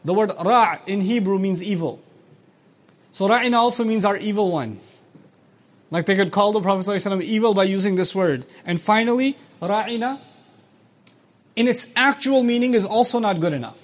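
A man lecturing on scripture, explaining words and quoting short Arabic passages, who asks his listeners questions and acts out quoted speech. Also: high-pitched. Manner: recites Arabic quickly between English explanations. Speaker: Quran teacher.

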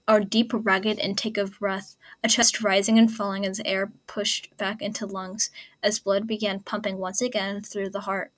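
A woman narrates a story in a hushed, whispery voice that stays soft and close. Her pitch barely moves, which keeps the delivery flat and even. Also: unhurried. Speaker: fan fiction reader.

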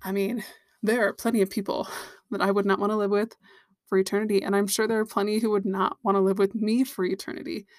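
A woman hosts a devotional podcast, speaking earnestly and personally to her listeners. Her voice sits at an ordinary middle pitch. The recording is dry and close, with no room echo. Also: flat delivery, quick pace. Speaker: Christian podcast host.

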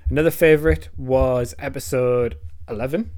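A man's voice: medium pitch, fairly even intonation, moderate pace, darkish tone. A man co-hosting a podcast, recapping favourite episodes in an easygoing way with frequent ums. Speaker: podcast co-host.

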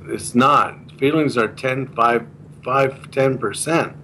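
A man's voice: medium pitch, takes it slowly, a bit bright, a little hiss or hum, poor audio. A man being interviewed, earnestly explaining a communication method and repeating the key points in a casual chat. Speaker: guest explaining a communication course.

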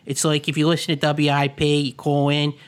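A man's voice: on the high side, completely flat delivery, a little fast, clean tone. A man co-hosting a podcast in casual, playful chat from the Philadelphia area, restarting sentences as he goes. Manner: playful, jokey, restarts often. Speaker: podcast co-host.

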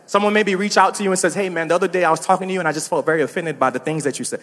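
A man's voice: sits high, fairly even intonation, very fast, hardly any pauses, a bit bright, in a large hall. A man preaching a sermon as a pastor, talking casually to the congregation with asides and laughs.

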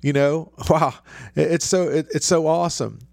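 A man's voice: on the high side, fairly even intonation, normal speed, gravelly, a little mellow, dry recording. A man preaching an informal sermon in an earnest, conversational way, often restarting and repeating his phrases.

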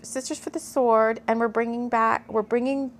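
Brief: middle-aged woman, fairly high voice, storyteller reading a spiritual tale, earnest and gushing, easily moved. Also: fairly even intonation, moderate pace, slight background noise. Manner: earnest, gushing, gets emotional. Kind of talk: reading a channeled story aloud, with asides.

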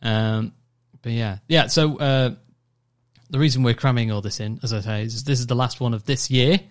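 A man co-hosting a casual radio-style show, chatty and easily excited. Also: medium pitch, moderate pace. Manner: chatty, excitable, cooing over fireworks. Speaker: podcast co-host.

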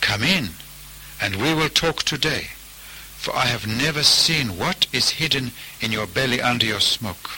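A man's voice: mid-range voice, expressive, unhurried, sharp tone, slight background noise, rough recording. A man voicing a bad-tempered male hippo in a storybook tale, speaking in curt, surly refusals. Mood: fearful.

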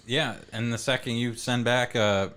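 A man's voice: mid-range voice, fairly even intonation, moderate pace, a bit bright, smooth. A man co-hosting a podcast in casual chat, teasing with profane banter. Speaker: podcast co-host.

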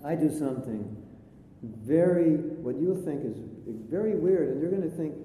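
A man as spiritual teacher giving a chatty sermon with jokes, in a live recording from an echoey hall with a faint rumble. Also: normal speed, warm tone. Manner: chatty storytelling, jokey asides.

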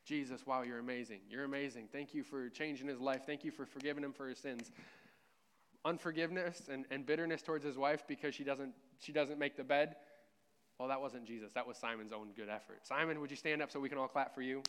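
A man's voice: mid-range voice, fairly even intonation, brisk, a bit bright, clear, resonant tone. A man preaching a conversational sermon, with joking asides and a self-deprecating tone. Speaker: pastor.

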